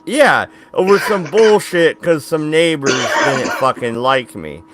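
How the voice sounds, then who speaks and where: A man's voice: on the high side, animated, a little slow, loud music behind the voice. Man rambling through a story. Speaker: podcast co-host. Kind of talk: casual chat.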